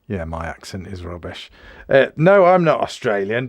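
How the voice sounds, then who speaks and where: A man's voice: lowish voice, sing-song, normal speed. A man from England with an English accent, reviewing a rifle in a frank, matter-of-fact, casual way. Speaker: firearms reviewer.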